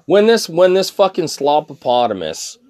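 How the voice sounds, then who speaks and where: A man's voice: on the high side, very animated, moderate pace, mellow, no echo. A drunk man ranting angrily about a customer, swearing constantly and stammering through restarts. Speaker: thrift shop worker. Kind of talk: angry profane rant.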